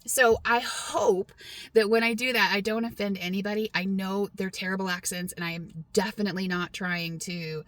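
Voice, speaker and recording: A woman's voice: medium pitch, steady tone, moderate pace, fairly bright tone, no echo. A middle-aged woman from Texas with a mostly neutral American accent and a light Southern twang, chatting to camera in a self-deprecating way. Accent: mostly neutral American, light Southern Texas twang at times. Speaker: vlogger. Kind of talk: casual talk to camera.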